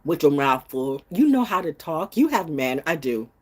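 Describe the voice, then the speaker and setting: A woman of sixty-seven talks straight to her followers in an unscripted vlog rant, blunt and full of swearing. Her voice sits fairly low but swings wildly, dropping to near-mutters and then leaping up in sharp, high bursts. Loud laughs break in between her remarks. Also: sing-song, moderate pace, breathy edge. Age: 60s. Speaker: vlogger.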